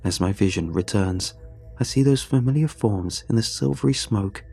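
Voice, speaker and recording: A man with a fairly low voice narrates a tense story in the first person, reading in a measured, steady way. Faint music plays softly behind him. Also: gravelly, slightly rough. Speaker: audiobook narrator.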